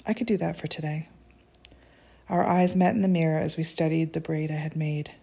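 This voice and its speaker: A woman reading a reflective first-person story in a gentle, unhurried, tender way. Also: deep voice, fairly even intonation, gravelly, breathy edge.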